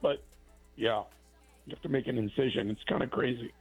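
A man's voice: mid-range voice, a little fast, husky, soft background music, rough recording. A man, a plastic surgeon, talking casually on a radio-style show and explaining procedures plainly, often restarting his sentences.

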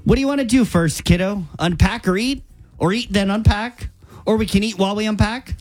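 Doting mother voiced by a woman, rapid motherly questions, radio comedy. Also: mid-range voice, a little mellow, lightly acted. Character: doting fussy mother greeting her kid.

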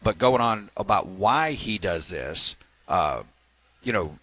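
A man's voice: lowish voice, animated, slow pace, fairly bright tone, no echo, low-quality recording. A man hosting a sports talk radio segment, reading news items with filler words and wry asides.

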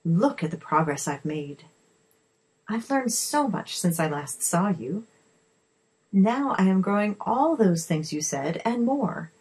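A woman's voice: mid-range voice, big pitch swings, slow, a little mellow, breathy edge, full character voice, rough recording. A woman voicing an earnest, kind mother who is new to gardening, speaking eagerly.

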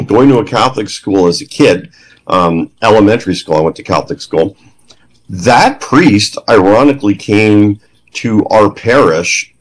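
A middle-aged man with a lowish voice tells a story as an interview guest. He talks in bursts and acts out the lines of the people he quotes, so his pitch jumps around. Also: poor audio. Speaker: guest, former police trainer.

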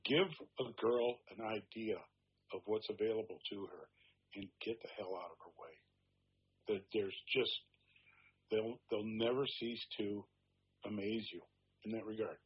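Older guy with a husky voice, rambling reflective interview talk, sounds kinda muffled. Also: fairly low pitch, steady tone, unhurried, pauses often. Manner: reflective, rambling, emphatic with asides. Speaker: author guest. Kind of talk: conversational interview.

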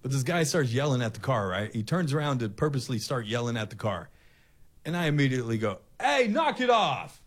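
Animated middle-aged male storyteller. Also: mid-range voice, quick pace. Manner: animated storyteller, acts out confrontations. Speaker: radio host. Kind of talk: storytelling on a talk show.

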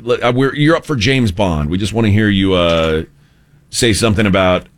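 A man's voice: fairly low pitch, normal speed. A married man co-hosting a radio talk show, rambling and joking with lots of filler words. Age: adult, married. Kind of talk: casual studio banter.

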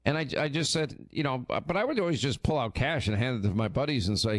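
A man hosting a radio show, telling stories in casual, animated, teasing on-air chat. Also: mid-range voice, quick pace, dry recording, clean studio sound.

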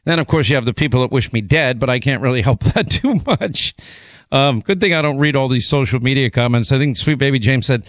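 A hoarse man hosting a talk radio show, his voice a little rough from a bout of laryngitis. He rambles, stumbles and repeats words, then rushes ahead in quick bursts. The sound is close and dry, with no room in it. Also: mid-range voice, dry recording. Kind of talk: casual on-air chat. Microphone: studio broadcast mic.

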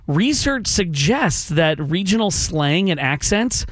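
A man's voice: high-pitched, big pitch swings, takes it slowly, no room sound, clean studio sound. A man hosting a morning radio show, chatting casually and reading out survey results to his co-hosts.

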